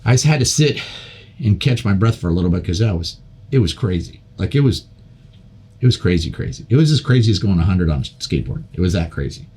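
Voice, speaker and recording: Older man, husky low voice, telling stories. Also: fast talker. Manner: animated storyteller, lots of repeats and restarts. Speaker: podcast guest. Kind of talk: casual storytelling.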